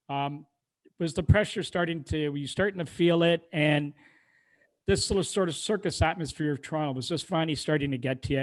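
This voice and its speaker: A man's voice: on the high side, rough recording. A man hosting a hockey podcast, asking leading questions and giving short listening sounds. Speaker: podcast host. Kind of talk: interview questions.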